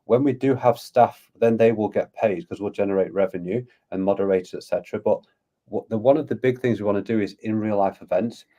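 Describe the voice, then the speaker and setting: A man's voice: on the low side, a little fast, dark tone. A man, a guest on a podcast, talking eagerly and at length in a casual conversation. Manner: eager, rambling, talks at length. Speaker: guest, crypto community founder.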